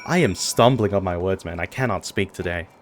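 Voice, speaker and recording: A man's voice: low voice, fairly quick, soft background music. A man streaming a game playthrough, reading its dialogue aloud in a put-on British accent between joking asides.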